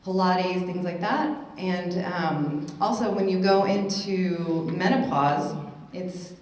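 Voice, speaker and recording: A woman personal trainer speaks on a panel at a summit's conference hall, casual, chatty and upbeat, laughing at her own jokes. Her voice is lowish, slow and darkish, with roomy hall echo in the recording.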